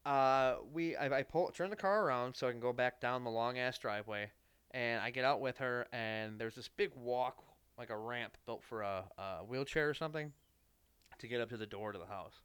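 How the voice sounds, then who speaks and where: A man with a smooth, resonant voice tells a rambling story, peppered with swearing and jokes at his own expense. The recording is dry and close, with no room echo at all. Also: mid-range voice, moderate pace, a bit bright. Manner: profane, rambling storyteller with self-deprecating asides. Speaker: podcast host. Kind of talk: casual anecdotal storytelling.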